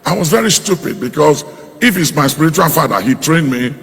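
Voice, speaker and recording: Raspy gravelly guy preaching, bright sharp tone, big echoey hall. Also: on the high side, animated, fairly quick. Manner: storytelling, recounting his early ministry. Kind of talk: sermon testimony. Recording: reverberant hall.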